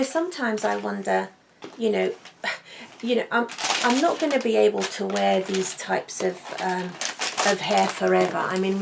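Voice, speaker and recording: A woman in a relaxed, intimate chat, gushing and repeating words for emphasis. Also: medium pitch, creaky, slight background noise. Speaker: wig vlogger.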